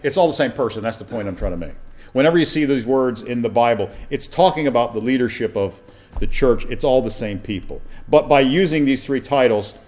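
A man's voice: medium pitch, lively intonation, a little fast, darkish tone. A man as a pastor giving a conversational verse-by-verse Bible teaching, often asking his listeners rhetorical questions.

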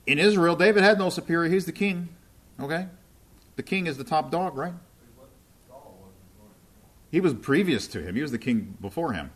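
A man's voice: on the high side, expressive, moderate pace, pauses often. A man preaching in a conversational teaching style, often checking in with his listeners as he explains scripture. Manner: checks in with listeners often, asking "right?" and "okay?".

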